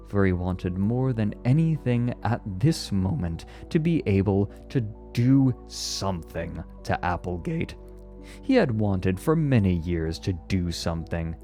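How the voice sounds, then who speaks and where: A male storyteller with a very deep, dark voice reads slowly and solemnly, pausing often. Soft music plays faintly behind him. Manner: slow, measured and solemn. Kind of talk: dramatic story reading.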